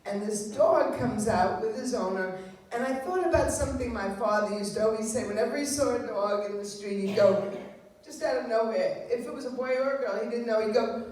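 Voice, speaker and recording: A woman's voice: fairly high pitch, brisk, a little mellow. A woman doing a wry, self-deprecating stand-up set on a club stage. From Long Island, New York. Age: 70s. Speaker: stand-up comedian. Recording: roomy club sound heard from far off.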